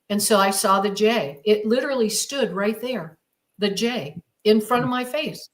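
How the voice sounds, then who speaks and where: A woman's voice: mid-range voice, moderate pace. A woman guest on a podcast, retelling a personal experience in a vivid, emphatic way with repeated phrases. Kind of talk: dramatic personal storytelling.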